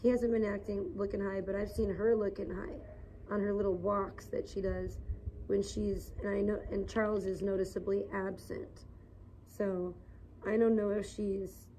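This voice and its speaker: A woman's voice: medium pitch, mellow, slight background noise, rough recording. A woman livestreaming outdoors in the sun, rambling and gossiping in a casual, filler-heavy way.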